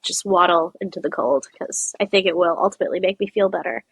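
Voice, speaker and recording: Bright-voiced woman, animated chatty storyteller. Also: lowish voice, quick pace, slightly rough, no echo. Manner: animated storyteller, laughs often, quotes people in voices. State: sick with a cold. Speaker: podcast co-host. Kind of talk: casual chat.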